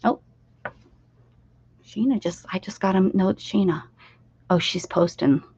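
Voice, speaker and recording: Speaking at a measured pace, this woman has a mid-range, husky voice with a darkish tone. She's a Pennsylvania native hosting a relaxed art livestream, drawing and talking straight to her viewers, sometimes slipping into whispers; the stream audio is slightly dull and lo-fi.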